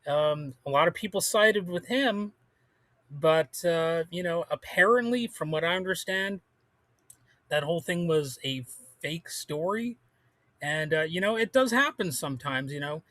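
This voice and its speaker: A man's voice: fairly high pitch, expressive, unhurried, pushed and bright, dry recording. A man hosting a solo podcast, rambling casually with lots of fillers and restarts, blunt and prone to swearing. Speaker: podcast host.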